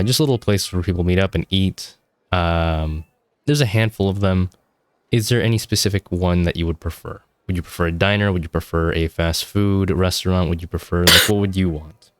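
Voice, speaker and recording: A man's voice: deep voice, clean tone, no room sound. A man running a casual tabletop game as game master, rambling and swearing loosely.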